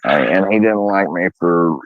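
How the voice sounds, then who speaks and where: A man with a lowish voice tells a story in casual talk, swearing freely and getting heated. The sound is dull and lo-fi, dry and close. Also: normal speed, no room sound. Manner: profane, heated, quotes others in a raised voice. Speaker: guest telling a story.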